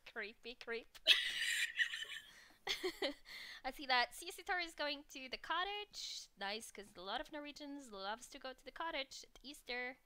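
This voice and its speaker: A woman's voice: high voice, expressive, measured pace, pushed and bright, no room sound. A woman from Norway co-hosting a casual livestream chat, giggling often. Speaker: stream co-host.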